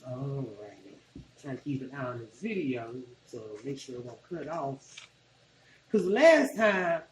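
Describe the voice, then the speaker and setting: A man's voice: a little high, roomy sound, a little hiss or hum, poor audio. A man from Arkansas with a Southern accent, rambling casually while he walks through a cooking tutorial in his home kitchen. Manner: chatty, rambling, colloquial. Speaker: cooking vlogger.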